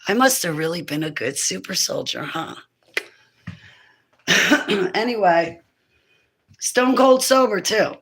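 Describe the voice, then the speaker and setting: A woman's voice: medium pitch, animated, slow, long pauses, a bit bright, breathy edge, rough recording. A woman in her fifties talking in a loose, rambling monologue about faith, breaking into laughter and emphatic preaching. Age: 50s. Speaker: speaker on spiritual warfare. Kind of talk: casual monologue.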